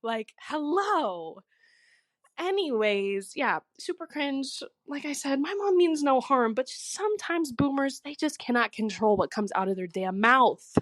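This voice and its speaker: A woman's voice: sits high, very animated, moderate pace, few pauses, dry recording. A young woman telling a cringe story in a chatty, exasperated way, as a recorded voice message to a podcast. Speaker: listener sending in a story.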